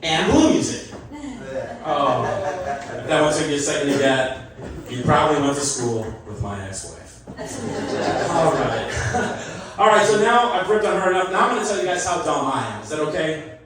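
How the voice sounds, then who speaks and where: A man's voice: on the high side, expressive, normal speed, crowd noise. Man doing stand-up in an echoey club. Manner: self-deprecating, chatty, laughs at his own jokes. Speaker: stand-up comedian. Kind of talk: stand-up comedy set. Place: comedy club stage. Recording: roomy echo, voice from a distance. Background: audience laughter and call-backs.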